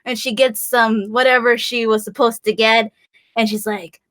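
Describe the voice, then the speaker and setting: Young woman from Illinois, interview guest; bubbly and giggly, a fairly high voice, breaks into playful voices mid-story. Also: little pitch movement, normal speed, a bit bright. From Illinois, USA. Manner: bubbly and giggly, acts out voices in her stories. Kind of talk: casual chat.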